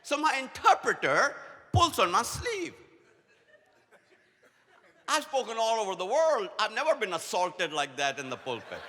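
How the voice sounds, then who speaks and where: A man, giving a humorous preaching keynote at a conference as a playful storyteller who rattles off quick repetitions. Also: high-pitched, huge pitch swings, sharp tone. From India. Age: 60s. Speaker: conference speaker. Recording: long hall reverb, faint noise.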